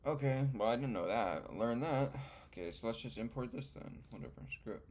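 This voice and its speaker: A man's voice: medium pitch, animated, brisk, darkish tone. A man working through coding exercises and thinking aloud in a loose, muttering way, often trailing off. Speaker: beginner programmer. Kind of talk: casual screen-recorded coding session.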